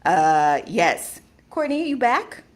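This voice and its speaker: A woman hosting a casual chat show, animated and exclaiming, often laughing. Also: mid-range voice, slow pace. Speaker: podcast host reading fan fiction.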